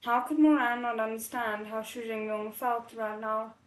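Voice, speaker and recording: A woman reading a novel aloud in a slightly high voice, pausing for emotional asides as she chokes up. Her voice rings a little in an echoey room. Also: fairly even intonation. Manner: emotional, tearful asides between passages. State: choked up from crying. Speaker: novel readalong host.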